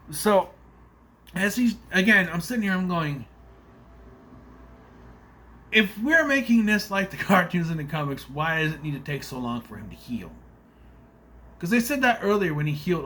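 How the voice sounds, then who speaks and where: A man reviews a movie in a loose, exasperated ramble full of uhs and nitpicks. His voice sits a little high and sounds bright and forceful. His pitch jumps around in a lively way. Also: normal speed, long pauses. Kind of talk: casual spoiler review rant.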